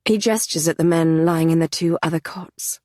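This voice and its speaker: A woman narrating a fantasy audiobook in the first person, measured and even. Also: low voice, dry recording, clean studio sound.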